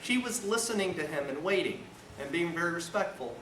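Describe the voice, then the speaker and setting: A man, a defense lawyer, teaching a seminar with animated storytelling, acting out scenes and swinging between loud and hushed talk. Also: a little high, a little fast. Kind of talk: lecture with storytelling. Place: lecture room. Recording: echoey room, far mic, noisy.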